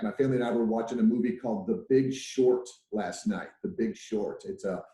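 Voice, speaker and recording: Chatty man in an echoey room. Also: fairly low pitch. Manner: lively and chatty, acts out quoted voices. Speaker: workplace trainer. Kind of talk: webinar presentation.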